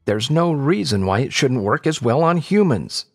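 A man's voice: medium pitch, sing-song, normal speed, in a large hall, soft background music, voice pushed up. A man voicing a jovial middle-aged fair showman who talks in a theatrical, joking way. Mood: showy.

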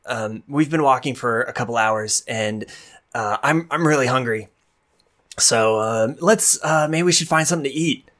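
A woman's voice: rumbling low, normal speed, fairly bright tone. A woman voicing a nervous, chipper young female adventurer who stammers and hesitates.

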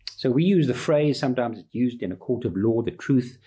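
A man's voice: medium pitch, expressive, fairly quick, dark tone, husky. A man preaching a sermon, emphatic, building his points through repeated lists.

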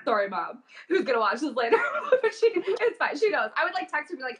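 A young woman chatting as an interview guest, telling stories in a lively way with plenty of fillers. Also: high voice, fast, hardly any pauses. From Calgary, Canada. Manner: chatty, animated storytelling with frequent fillers. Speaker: guest, voice actor and coach. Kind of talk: casual interview chat.

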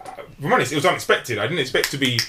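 A young man in casual chat, talking deliberately and explaining himself at length as a podcast co-host. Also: mid-range voice, expressive, background noise.

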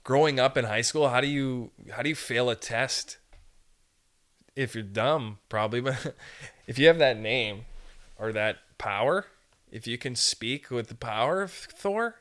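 A man's voice: mid-range voice, unhurried, a bit bright. A young man hosting a podcast, rambling through a jokey casual monologue and slipping into put-on voices now and then. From Canada. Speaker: podcast host.

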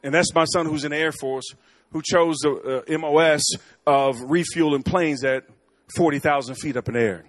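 High-voiced, animated man preaching. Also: normal speed. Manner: animated storytelling, swings from loud and bold to quiet asides. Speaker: guest preacher. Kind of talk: sermon. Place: church sanctuary.

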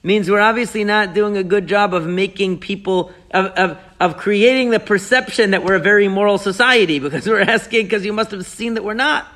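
A man leading a Torah class discussion, explaining the text with animated rhetorical questions and quoting Hebrew verses. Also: high voice, brisk, few pauses. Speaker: Torah teacher.

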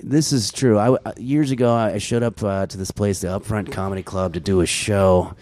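A man's voice: lowish voice, steady tone, moderate pace, darkish tone, no echo. Laid-back man telling stories, dry mic. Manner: loose, profane, acts out quoted people. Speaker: podcast guest, filmmaker. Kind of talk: casual chat, storytelling.

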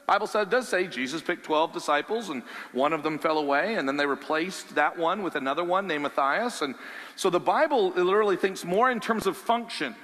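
Male pastor, sermon delivery, lively and conversational, bright forceful tone, hall reverb. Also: fairly high pitch, brisk. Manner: animated, conversational preaching with rhetorical questions.

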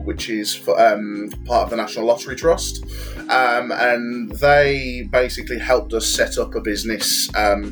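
Guy chatting on a podcast, lots of "like", mid pitch voice, bit of music in the back. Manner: chatty, peppered with "like" and "do you know what I mean". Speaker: wrestler and promoter. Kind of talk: casual podcast chat.

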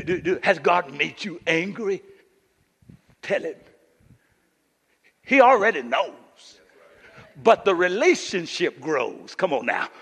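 A middle-aged man preaching a sermon as pastor in a church, shifting from hushed teaching to loud, animated preaching, recorded live. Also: fairly high pitch, in a large hall.

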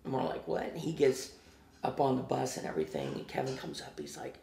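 A man with a Midwestern American accent, a podcast guest telling a backstage story in a casual, animated way and acting out the quotes. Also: medium pitch, brisk, vocal fry, reverberant. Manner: animated anecdote teller who acts out quotes. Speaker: guest, former music venue promoter.

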